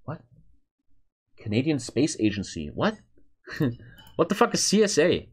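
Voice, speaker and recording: A man's voice: on the high side, wildly swooping pitch, unhurried, slightly rough. A European man streaming casual reaction commentary, blunt and profane, reading chat aloud as he thinks.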